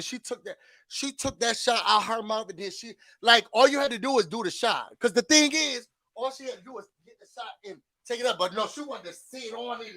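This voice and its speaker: A man with a high, bright, sharp voice gives a casual reality-show recap to his viewers. He talks in a chatty, animated way, with laughs and dramatic asides. The sound is dry and close. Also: dry recording. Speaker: YouTube host.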